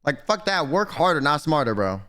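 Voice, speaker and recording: A young man streaming, telling stories in casual, profane, animated chat. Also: on the high side, normal speed.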